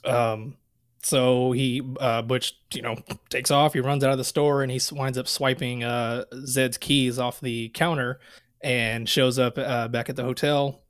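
A man's voice: medium pitch, flat delivery, unhurried, clean tone. A man co-hosting a podcast, casually retelling movie scenes and quoting the lines with swearing. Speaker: podcast co-host. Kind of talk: casual movie recap chat.

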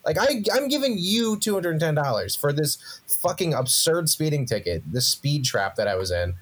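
Ranting comedian telling a story. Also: male voice, on the high side, brisk, slightly rough. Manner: animated ranting storyteller, swears a lot. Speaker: podcast co-host. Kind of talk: casual comedic chat.

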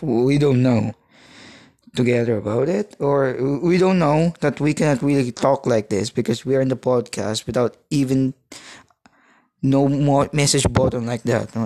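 A man in his thirties, from the Philippines, talks alone on his podcast at a middling pitch. He wanders from thought to thought and stops and restarts often as he hunts for the right words. The recording is dry and close, with no room sound. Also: steady tone, mellow, no room sound. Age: 30s. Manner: halting, searching for words, many restarts. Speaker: podcast host. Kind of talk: rambling solo podcast monologue.

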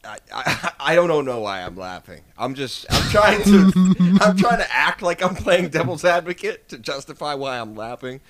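A man's voice: fairly high pitch, very animated, moderate pace, hardly any pauses, a crowd in the background. An intoxicated young man in a casual chat, rambling and giggling with hesitant restarts.

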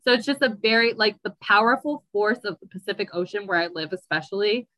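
A woman's voice: mid-range voice, quick pace, pushed and bright, no echo, poor audio. A woman from the United States in a casual interview, talking in a rambling, chatty way with lots of "like". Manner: chatty, rambling, heavy use of "like". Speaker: guest.

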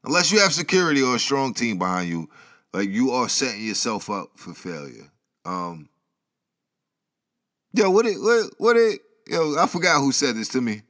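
A man's voice: mid-range voice, very animated, moderate pace, fairly bright tone. A man telling a news story as casual, rambling commentary, full of slang, asides and chuckles. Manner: slangy, rambling, laughs at his own asides. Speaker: commentary vlogger.

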